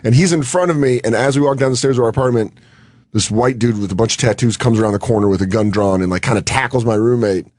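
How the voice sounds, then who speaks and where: A young man telling a wild story on a radio show, animated and quick to act out other people's lines. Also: medium pitch, dry recording, clean studio sound. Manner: animated storyteller, acts out quotes, laughs often. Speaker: comedian guest. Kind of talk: casual radio show chat.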